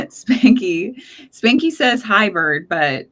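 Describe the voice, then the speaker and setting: A woman hosting a casual chat, talkative and quick to laugh, often trailing off mid-sentence. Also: medium pitch, a bit bright. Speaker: podcast host.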